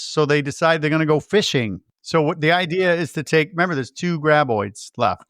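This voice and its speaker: A man's voice: fairly high pitch, normal speed, few pauses, no room sound, studio quality. A man co-hosting a podcast, chatting casually about a film and acting out its lines as he retells scenes. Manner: animated retelling, acts out movie lines. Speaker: podcast co-host.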